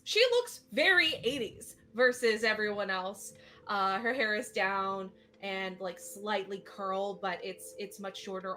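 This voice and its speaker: A woman's voice: medium pitch, sharp tone. A woman narrating as game master of a tabletop game, describing scenes in a chatty way with many fillers.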